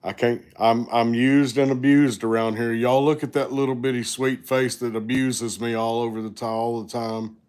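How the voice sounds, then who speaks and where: A man's voice: medium pitch, level tone, normal speed, few pauses, darkish tone, smooth. A man hosting a family livestream, joking and teasing with exaggerated complaints. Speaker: livestream host. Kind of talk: casual chat.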